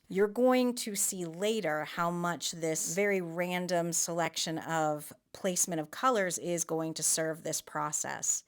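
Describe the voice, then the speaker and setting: A woman watercolor artist talking through her painting process in a chatty, enthusiastic voice-over full of rambling asides. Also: on the low side. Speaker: watercolor artist and art vlogger.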